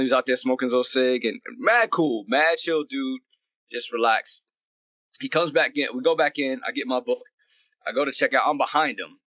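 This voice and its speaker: A man guest on a casual podcast call, telling a story in an animated way and acting out bits of dialogue. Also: medium pitch, no echo. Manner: animated, acts out dialogue in quick bursts. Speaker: guest actor.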